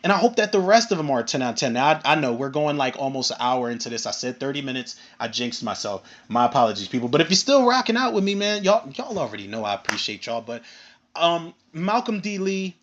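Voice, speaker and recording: A man recapping and reviewing a TV episode in a casual, animated and profane way, acting out bits of dialogue. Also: mid-range voice, fast, lo-fi sound. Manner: animated, profane, retells scenes with acted quotes. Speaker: film and TV reviewer.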